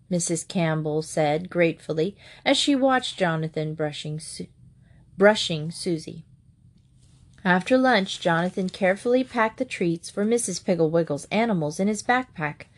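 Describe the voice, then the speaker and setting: A woman reading a children's storybook aloud, gently voicing the characters as she goes. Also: on the low side, animated, normal speed. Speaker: storybook reader.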